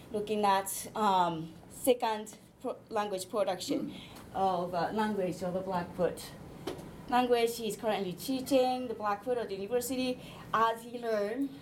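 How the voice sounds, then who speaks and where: A woman linguist giving an academic presentation, explaining her slides step by step with frequent pauses and hesitations. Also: mid-range voice, darkish tone, slight background noise, rough recording.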